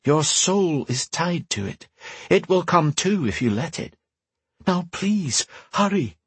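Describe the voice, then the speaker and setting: A man voicing a mystic woman who speaks into another's mind, pleading and hurried. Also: a little high, big pitch swings, husky, no room sound, voice pushed up, heavily acted.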